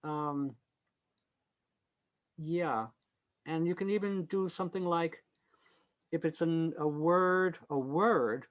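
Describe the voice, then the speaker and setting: A man's voice: fairly high pitch, slow, long pauses, muffled recording. An older man giving an informal online lecture on choral conducting. He thinks aloud with fillers and self-corrections, and now and then sings a short example. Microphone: video call.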